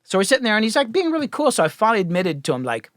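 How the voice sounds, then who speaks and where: A middle-aged man, a music producer, telling stories as a podcast guest, animated and profane, acting out the people he quotes. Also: high voice, rapid-fire, dry recording, clean studio sound. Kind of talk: casual storytelling.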